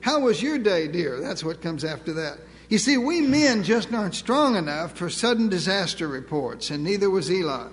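An older male preacher with a high voice, delivering a folksy sermon full of dry humor and slow, stretched-out emphasis. His words ring out with a long reverb, as if he stands in a large church sanctuary. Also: expressive.

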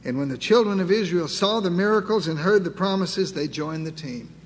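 A man preaching a sermon, emphatic and building through repeated phrases and pauses. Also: sits high. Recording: long reverb, faint background noise.

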